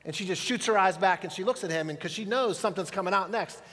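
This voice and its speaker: A man's voice: high-pitched, quick pace, fairly bright tone. A middle-aged man preaching a sermon as pastor, telling stories in a conversational way and asking the audience questions. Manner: storytelling, conversational, asks the audience. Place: church auditorium. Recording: hall reverb.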